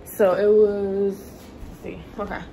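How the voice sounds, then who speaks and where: A woman's voice: mid-range voice, level tone, slow pace, creaky, warm tone, slight background noise, poor audio. A young woman, vlogging casually at home into her phone camera in a rambling, chatty way. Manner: chatty, rambling, lots of "like" and "y'all". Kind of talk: casual home vlog chat. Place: at home, moving between rooms. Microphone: phone camera, sometimes propped farther away.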